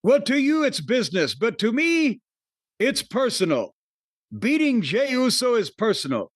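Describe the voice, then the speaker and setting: A man's voice: very high voice, sing-song, unhurried, dry recording, studio quality, pitched above the performer's own voice, heavily acted. A man putting on a German-tinged accent to play a stern, menacing male wrestler. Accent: German-tinged put-on.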